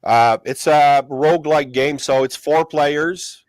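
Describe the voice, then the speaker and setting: A man's voice: on the high side, no echo. Rambling man hosting a livestream chat. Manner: rambling, halting, many restarts and fillers. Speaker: host of a collectibles channel livestream.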